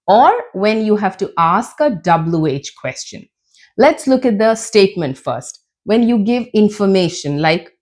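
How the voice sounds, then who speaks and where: Slow, very expressive woman teacher. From Canada. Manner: demonstrates sentences with exaggerated rising and falling pitch; slow, deliberate explaining. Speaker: English teacher. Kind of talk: scripted lesson.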